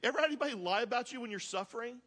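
A pastor preaching a conversational sermon, reading scripture aloud and asking the congregation questions. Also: male voice, extremely high pitch, very fast, a bit bright.

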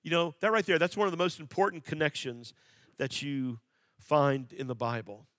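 A male pastor preaching a sermon, earnest, repeating phrases for emphasis and asking the congregation questions, swinging from quiet and low to loud and emphatic. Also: fairly even intonation, moderate pace, dry recording, clean studio sound.

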